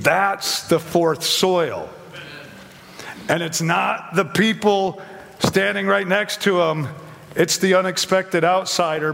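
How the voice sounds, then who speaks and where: A man's voice: fairly high pitch, gravelly, fairly bright tone, big-room sound. A man preaching a conversational sermon, asking his listeners questions and briefly acting out the voices of the people in his story. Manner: conversational, acts out quoted voices, asks questions.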